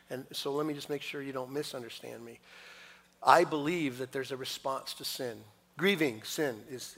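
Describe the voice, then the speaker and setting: A man preaching a sermon, moving between hushed, intimate lines and loud, emphatic passages. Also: mid-range voice. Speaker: pastor. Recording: long reverb of a large hall.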